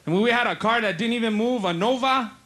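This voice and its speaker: A man's voice: very high-pitched, a bit bright. A man doing a stand-up comedy set, telling punchy stories and acting out his relatives. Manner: punchy storytelling, acting out relatives and cops in quick voices. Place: live comedy stage.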